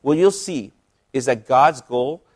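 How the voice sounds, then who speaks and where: A man who is a pastor, leading a casual Bible study in a relaxed, chatty way with lots of asides. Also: medium pitch, measured pace.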